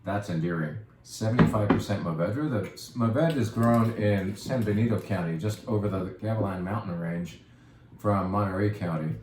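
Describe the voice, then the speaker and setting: At normal speed and with a voice on the low side, a man runs a casual wine presentation as the shop host, playful and talkative with jokes at his own expense. Background noise, echo, and faint ambience fill the recording.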